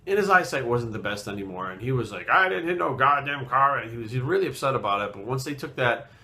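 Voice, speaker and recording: Speaking quickly and expressively at medium pitch, with a fairly bright tone, this late-thirties man from Rhode Island runs a fitness vlog. His casual personal story comes out blunt, wandering, and full of swearing.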